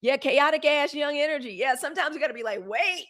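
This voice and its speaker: A woman's voice: sits high, fast talker, a bit bright. A woman, hosting a live news show in a dramatic, testifying way. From Mississippi, US. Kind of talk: casual livestream chat.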